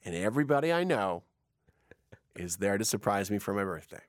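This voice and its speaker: A man's voice: fairly quick, dry recording, studio quality. A man hosting a casual radio-station chat, telling a story with lots of energy and acting out the quotes. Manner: animated, acts out quotes with big pitch jumps. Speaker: radio host.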